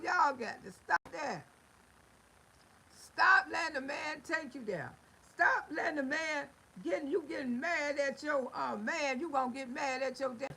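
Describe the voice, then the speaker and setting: A middle-aged woman talks straight into her phone during a livestream. Her voice sits high and carries a gravelly edge. She scolds her viewers in a folksy way and drifts into stories. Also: measured pace, bright, forceful tone, poor audio. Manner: folksy, scolding, storytelling with laughs and exclamations. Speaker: livestream host. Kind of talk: casual livestream talk to viewers.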